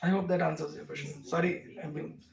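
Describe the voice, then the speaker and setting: A man's voice: a little high, fairly even intonation, a little fast, vocal fry. A man with an Indian accent teaching a devotional class, answering questions emphatically with rhetorical questions. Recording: echoey room, mic far off.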